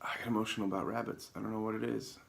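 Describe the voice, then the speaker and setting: Rambling low-voiced man joking through news. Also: racing, vocal fry. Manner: rambling, self-mocking, deadpan asides. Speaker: comedy show host. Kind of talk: improvised comedic news rundown. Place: alone in a room, talking to camera.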